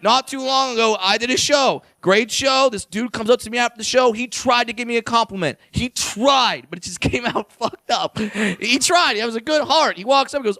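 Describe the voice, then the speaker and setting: A man performing a stand-up comedy set on stage with a handheld mic, brash and profane, jumping into higher voices when he quotes people. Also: moderate pace, hardly any pauses, bright, forceful tone, no echo. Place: comedy stage before a live audience.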